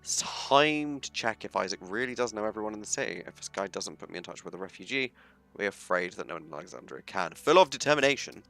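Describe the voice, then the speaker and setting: A man's voice: low voice, fast, vocal fry, pushed and bright, faint music behind. A man streaming a story game, reading its text aloud with chatty, self-mocking asides.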